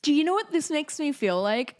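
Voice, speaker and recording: A woman's voice: sits high, very animated, brisk. A woman co-hosting a podcast, chatting casually with incredulous jokes and casual swearing. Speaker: podcast co-host. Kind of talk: casual chat.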